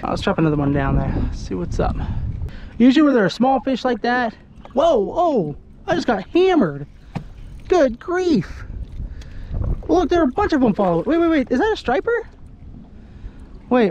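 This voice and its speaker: A man from Idaho giving excited, chatty commentary to the camera while fishing from a kayak on a lake. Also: extremely high pitch, a little hiss or hum. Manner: excitable, exclaiming, chatty with viewers. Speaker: fishing vlogger. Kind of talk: casual outdoor commentary to camera. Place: kayak on an open lake outdoors. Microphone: handheld camera.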